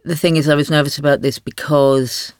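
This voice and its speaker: A woman in her sixties, a guest author in a podcast interview, telling stories in a wry, lively way with frequent laughs. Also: low-pitched, brisk, smooth, dry recording, studio quality.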